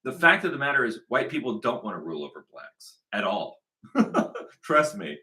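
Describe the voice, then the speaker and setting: Bright-voiced man in a rambling monologue. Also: medium pitch, big pitch swings, moderate pace. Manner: emphatic, repetitive, rambling with many restarts. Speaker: channel host. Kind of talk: unscripted monologue.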